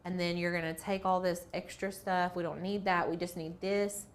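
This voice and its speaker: A woman's voice: on the low side, little pitch movement, moderate pace. A woman hosting a casual craft tutorial, chatty and playful, thinking aloud as she works through each step. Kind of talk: casual screen-share tutorial.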